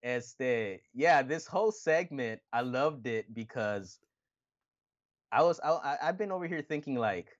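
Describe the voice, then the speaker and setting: Man, casual podcast co-host, animated, frequent swearing, muffled lo-fi audio. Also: mid-range voice, measured pace. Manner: animated, swears often, acts out quotes with laughter. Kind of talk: casual wrestling chat.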